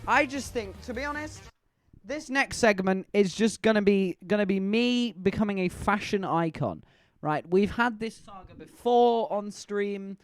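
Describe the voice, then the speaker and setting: A man telling a story to his live-stream chat, animated and laughing, teasing the viewers. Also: high voice, unhurried, soft background music.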